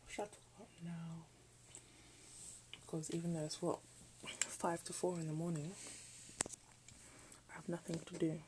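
A woman's voice: fairly low pitch, little pitch movement, normal speed, pauses often, background noise. A teenage girl chatting casually late at night in her bedroom, rambling and often dropping into half-whispers. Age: late teens. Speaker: vlogger.

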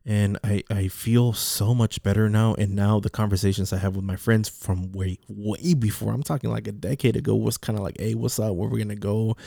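A man's voice: fairly low pitch, fairly even intonation, moderate pace, creaky, few pauses, mellow, no room sound, studio quality. A man talking casually in a rambling monologue, repeating words and restarting his sentences. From Mexican heritage.

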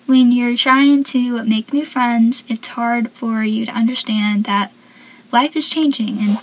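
High-pitched young woman with a husky edge, animated and chatty, laughs a lot while recapping a show. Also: unhurried. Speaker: TV episode recapper. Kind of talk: casual recap commentary.

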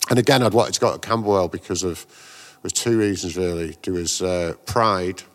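Man, deep voice, casual interview guest, rambling storyteller. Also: normal speed. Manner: rambling anecdotes with slangy asides and restarts. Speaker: guest, graffiti artist and painter.

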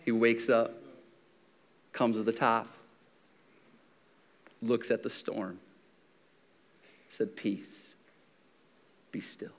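A man preaching a sermon, telling the stories in a lively, conversational way and acting out the characters' lines, swinging from loud shouts down to near-whispers. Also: medium pitch, very slow, pauses often. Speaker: pastor.

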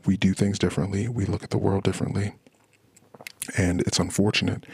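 A man's voice: deep voice, creaky, slightly rough, no room sound. A man hosting a podcast, venting in a rambling, frustrated monologue about his marriage. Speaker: podcast host.

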